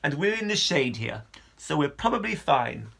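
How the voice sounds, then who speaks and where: A man voicing a calm, steady girl who looks after the others, speaking softly and evenly. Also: a little high, normal speed, creaky, husky, heavily acted. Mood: reassuring.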